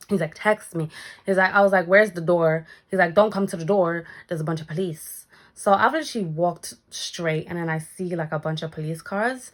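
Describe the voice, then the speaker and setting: Young woman, storytime vlogger, animated delivery, fairly low voice. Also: normal speed. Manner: animated, acts out quoted lines, swears casually. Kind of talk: casual storytelling vlog.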